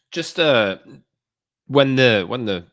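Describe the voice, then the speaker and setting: A man co-hosting a casual football podcast, explaining his view in a measured way and clearing his throat now and then. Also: medium pitch, animated, a bit bright, dry recording, clean studio sound. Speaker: podcast co-host.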